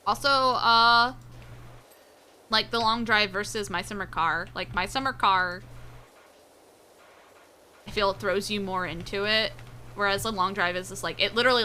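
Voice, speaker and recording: A woman's voice: medium pitch, bright, forceful tone, slight background noise, poor audio. A young adult woman streaming a game, chatting casually in a rambling way, swearing freely and laughing often, with a slightly sore throat. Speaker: VTuber streamer. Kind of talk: casual gameplay chat.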